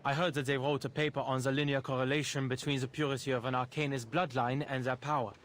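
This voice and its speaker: An actor playing a composed young male cryptographer in a game, speaking in a measured, dry manner. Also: medium pitch, flat delivery, a bit bright, slight background noise, close to an everyday voice. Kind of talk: game voice acting.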